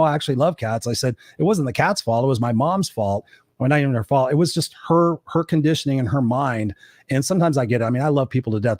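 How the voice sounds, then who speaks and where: A man, an executive coach, talking candidly as an interview guest, a blunt and animated storyteller who swears freely. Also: mid-range voice, no echo, clean studio sound.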